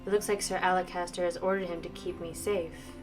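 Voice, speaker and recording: A woman streamer reading a visual novel aloud, brisk narration with playful asides. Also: on the low side, flat delivery. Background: faint game music.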